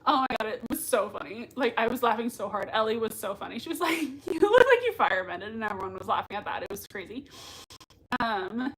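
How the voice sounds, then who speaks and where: High-voiced gushing young woman streamer. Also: fast, poor audio. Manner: gushing, excitable, heavy use of "like" and "oh my God". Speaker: livestream host reacting to a TV show. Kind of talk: casual livestream chat reading viewer comments.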